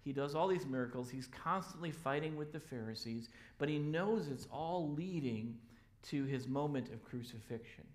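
A man preaching a sermon as pastor in a church, loud and energetic. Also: a little high, moderate pace.

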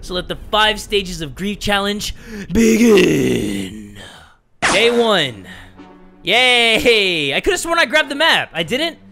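Young male gaming commentator, high and bright, rowdy swearing and yelling at the game, faint music bed. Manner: reads game text aloud in a mock-dramatic tone. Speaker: gaming YouTuber. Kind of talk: gameplay commentary.

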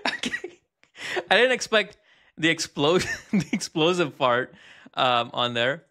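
A man hosting a casual hands-on review, chatting and thinking aloud with fillers and quick asides. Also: fairly high pitch, sing-song, bright, forceful tone. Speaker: host reviewing text-to-speech tools.

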